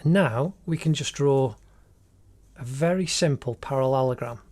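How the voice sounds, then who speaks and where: Speaking at medium pitch and moderate speed, this man has a darkish tone. He's an art teacher narrating his drawing process, offering step-by-step, encouraging tutorial guidance.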